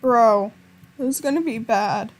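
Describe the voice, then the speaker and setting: A woman's voice: on the high side, measured pace. A woman giving frantic gameplay commentary, pleading and talking to her viewers. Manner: panicky, pleading, talks to viewers. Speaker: gamer.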